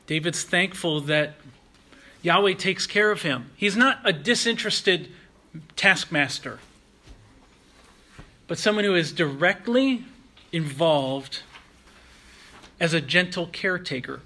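Earnest preacher with a bright, high voice. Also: male voice, expressive. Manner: earnest, measured preaching with slow emphatic pauses. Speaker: pastor. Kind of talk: sermon.

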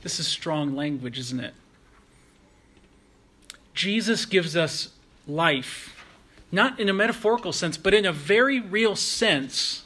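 A man delivers a sermon in a bright, forceful voice that sits a touch high. He speaks earnestly and at a measured pace. He slows right down and leans on phrases he wants to stress. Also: expressive. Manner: earnest, measured preaching with slow emphatic pauses. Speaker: pastor.

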